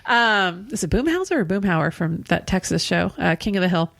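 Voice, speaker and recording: A woman's voice: fairly low pitch, expressive, moderate pace, creaky, a bit bright, dry recording. A woman co-hosting a podcast in casual chat, rambling through stories, laughing often and swearing casually. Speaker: podcast co-host.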